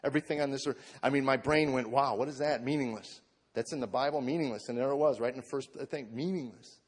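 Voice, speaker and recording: A comedian in his forties gives spoken testimony to a live audience, telling a heartfelt personal story and acting out what others said to him. He talks fast at medium pitch, earnest throughout, and the recording has long hall reverb.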